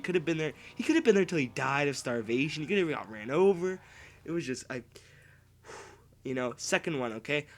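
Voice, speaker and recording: A young man ranting casually to camera as a vlogger. He rambles and swears, jumping from loud outbursts to low muttering.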